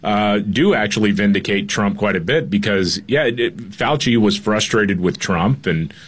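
A male co-host talks in a casual, sarcastic tone and laughs often. His voice sits low and husky. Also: animated, moderate pace. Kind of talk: casual political talk show.

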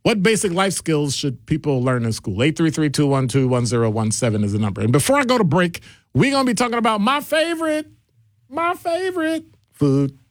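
A middle-aged man hosts a call-in radio talk show with a jokey, animated delivery. His voice sits a bit high and swings widely in pitch. The studio sound is dry and close. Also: fast talker, no room sound.

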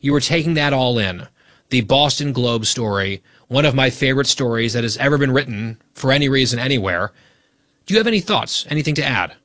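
A man hosts a radio talk show in a mid-range voice, quick and teasing as he banters. The studio sound is dry and close. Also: medium pitch, animated, fairly bright tone, dry recording.

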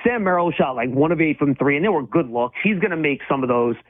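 Fast-talking man on a tinny line. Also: a little high, lively intonation. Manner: fast, emphatic, with repeated restarts. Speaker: sports radio co-host. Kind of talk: casual sports talk.

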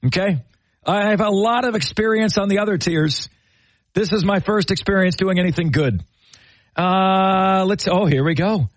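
A man with a high voice hosts a call-in sports radio show, all energy and enthusiasm. He is recorded close on a dry, dead studio mic. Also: no room sound. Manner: energetic, enthusiastic, quick to laugh.

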